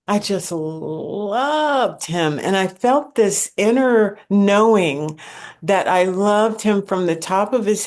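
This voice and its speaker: A woman shares a personal testimony at an unhurried pace. She has a mid-range voice, and she tells the story by repeating key words for weight. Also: medium pitch, a little mellow. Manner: slow, storytelling delivery with emphatic repetition. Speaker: speaker sharing a spiritual experience.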